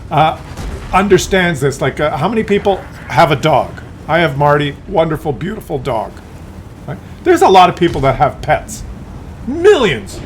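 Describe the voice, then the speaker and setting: A man's voice: on the high side, fairly bright tone, slight background noise. A man ranting in a rambling, profane monologue, full of fillers and restarts. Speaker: streamer.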